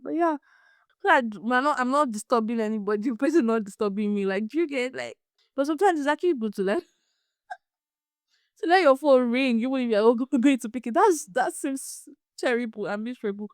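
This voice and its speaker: A young Nigerian woman hosting a casual solo podcast, chatty and animated, laughing often and repeating words as she goes. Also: high voice, no room sound, studio quality. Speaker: podcast host.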